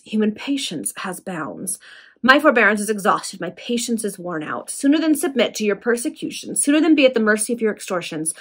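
A woman voicing a frightened, pleading young widowed noblewoman in a casual read-aloud of a Victorian serial, with a slightly husky voice. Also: medium pitch, bright, forceful tone. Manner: hysterical, pleading.

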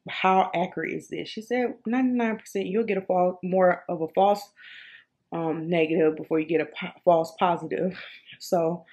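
A woman in her thirties telling a personal story in a casual vlog, animated and expressive, with many fillers and repeated words. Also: lowish voice. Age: 30s. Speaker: vlogger.

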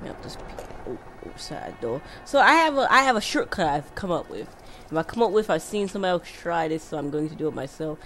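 Rambling woman with a lively low voice. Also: fairly quick. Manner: rambling, thinking aloud, mumbling to herself. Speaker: gameplay commentator. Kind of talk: casual let's-play commentary.

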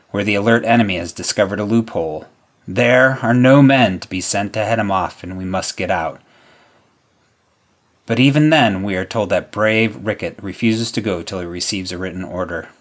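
Guy with a lowish voice reading an old war memoir, slow and solemn, trails off at line ends. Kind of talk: scripted narration.

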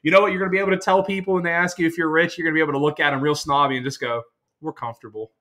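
Hyped young dude from pittsburgh, talks super fast, kinda high bright voice, podcast banter. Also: male voice. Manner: hyped and excitable. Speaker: podcast co-host. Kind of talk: casual sports-betting podcast chat.

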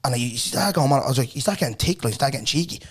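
A young man, talking quickly in a loose podcast chat. He spins stories and jumps into other people's voices as he tells them, his pitch sitting in the middle of the range. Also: slightly rough. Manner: animated, acts out other people's voices while telling stories. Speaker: podcast host. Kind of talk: casual storytelling chat.

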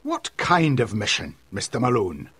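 A man voicing an excitable middle-aged male newspaper editor who talks emphatically. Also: medium pitch, normal speed, husky. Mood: brisk. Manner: emphatic, loud, swooping. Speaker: news editor.

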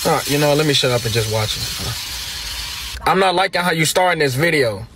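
A man from the United States giving comedic reaction commentary, loud and slangy, with exaggerated outrage and repeated protests. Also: on the high side, expressive, normal speed, poor audio. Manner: slangy, playful talk. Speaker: reaction video creator.

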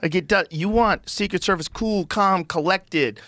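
A man hosting a podcast, talking in an animated, profane, incredulous way in casual conversation. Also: sits high, a little slow, dry recording. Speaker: podcast host.

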